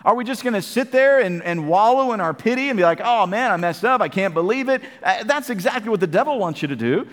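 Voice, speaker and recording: A man preaching a sermon, animated, swinging between booming calls and hushed words. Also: big-room sound.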